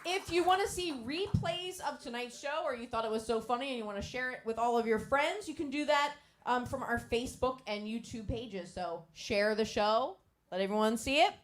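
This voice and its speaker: A woman's voice: fairly high pitch, normal speed. A woman giving the closing announcements at a live comedy show, thanking the performers and asking for donations. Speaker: event organizer. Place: live venue with an audience.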